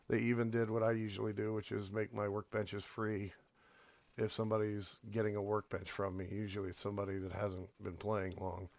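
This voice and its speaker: A man with a hoarse voice from being sick, rambling casually as he comments on a game and drifts between topics. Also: on the low side, little pitch movement, a little fast, a little mellow, dry recording, dull audio. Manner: rambling, meandering, many fillers. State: hoarse from illness. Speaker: game video host.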